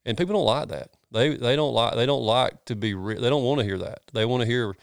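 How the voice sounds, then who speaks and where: Pastor guy chatting, earnest and rambly, clear smooth voice. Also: mid-range voice, brisk, dry recording, clean studio sound. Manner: earnest, folksy, preachy, rambling restarts. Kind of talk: casual podcast chat.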